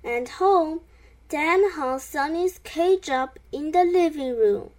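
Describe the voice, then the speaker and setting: A woman reading a children's storybook aloud as narrator, in a gentle read-aloud manner. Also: high voice, expressive, takes it slowly.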